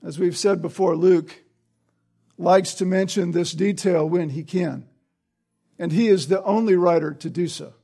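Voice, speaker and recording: A man's voice: sits high, unhurried, mellow, husky. A man preaching an expository sermon, explaining the text and often checking in with the listeners through tag questions.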